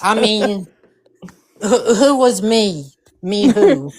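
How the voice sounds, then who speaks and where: Slow, rambling woman ranting comically. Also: mid-range voice. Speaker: panelist.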